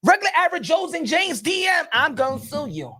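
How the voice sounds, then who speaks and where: A man hosting a small boxing channel, ranting comically, laughing and repeating lines with shouted bursts. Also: very high voice, sing-song, brisk. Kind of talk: comedic rant commentary.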